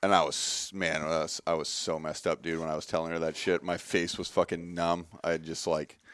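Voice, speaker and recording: A man's voice: sits low, moderate pace, clean tone, no room sound, clean studio sound. A man in his thirties, a guest in a workshop, telling his story candidly and animatedly, swearing often and acting out quotes. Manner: swears a lot, animated retelling with quoted voices.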